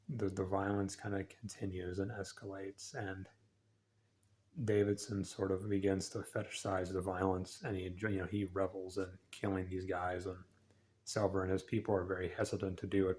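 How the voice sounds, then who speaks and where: Soft-spoken, low-voiced man. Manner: soft-spoken, rambling, casual. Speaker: book reviewer. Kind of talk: relaxed literary analysis.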